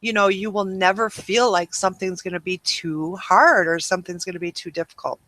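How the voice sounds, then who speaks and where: A woman hosts a webinar with a bright, forward voice. She talks casually and rambles, filling gaps with ums and you-knows. The sound is dry and close, with no room around it. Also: on the low side, fairly even intonation, a little fast, no echo. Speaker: webinar host.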